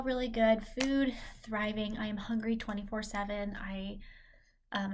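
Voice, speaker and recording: A woman's voice: mid-range voice, a bit bright. A young woman giving a casual vlog update, rambling and correcting herself as she goes, laughing at her own slips. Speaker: vlogger and teacher. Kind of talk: casual chat.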